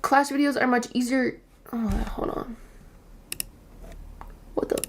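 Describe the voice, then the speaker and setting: A woman's voice: a little high, steady tone, slow pace, a little hiss or hum. A young woman streamer venting to her chat, frustrated, swearing and rambling.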